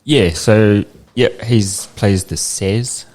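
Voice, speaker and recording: A man with a New Zealand accent, a DJ and producer, talking about his music in a relaxed, plainspoken way. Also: lowish voice, takes it slowly. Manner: easygoing, plainspoken, many fillers. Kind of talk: casual interview chat.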